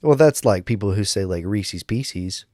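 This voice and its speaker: A man's voice: on the low side, animated, normal speed, darkish tone, dry recording, studio quality. A man with a Cajun accent, co-hosting a casual chat in a laid-back, stubborn way and laughing often. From Louisiana. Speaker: podcast co-host.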